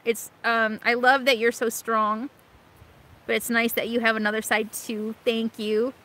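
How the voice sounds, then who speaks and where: A woman's voice: a little high, flat delivery, measured pace, bright, forceful tone, rough recording. A woman hosting a casual live stream, reading viewer comments and chatting in a rambling, emotional way full of fillers and restarts. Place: RV camp in Alaska.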